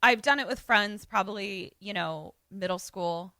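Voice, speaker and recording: A woman co-hosting a podcast, casually retelling a film and acting out the characters' lines with animated voices. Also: medium pitch, a little slow, dry recording. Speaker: podcast co-host. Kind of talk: casual film recap chat.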